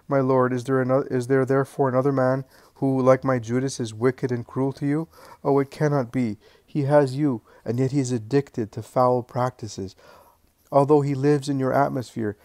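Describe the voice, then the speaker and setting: A man voicing a grieving older mother who pleads in a high, loud voice. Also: fairly even intonation, normal speed, dry recording, clean studio sound, close to an everyday voice. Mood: anguished. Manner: high, loud, wailing pleas.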